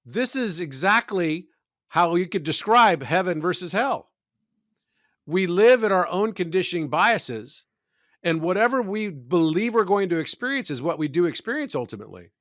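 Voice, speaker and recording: A man who is a podcast guest, talking in a measured, reflective way about spiritual ideas and telling stories. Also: high voice, expressive, fairly bright tone, dry recording, studio quality. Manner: measured, storytelling, philosophical.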